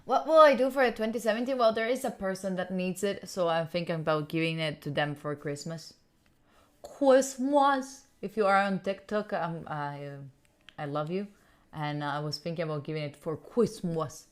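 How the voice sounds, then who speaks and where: A woman's voice: on the low side, a little fast. Chatty young woman hosting a study stream. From Italy. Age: young adult. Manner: chatty, giggly, answers chat questions aloud. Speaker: study livestream host. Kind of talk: casual chat with live viewers. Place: room at home.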